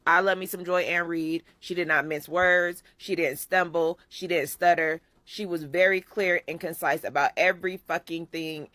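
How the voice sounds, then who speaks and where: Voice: mid-range voice, bright, forceful tone, no echo. A reaction video host giving blunt, profane commentary and asking exasperated questions.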